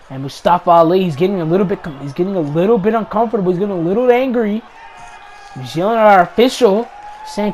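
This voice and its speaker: A man calling play-by-play wrestling commentary over gameplay, excitable, shouting the big moves and repeating each call. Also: very high voice, slight background noise, poor audio. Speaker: YouTube gaming channel host.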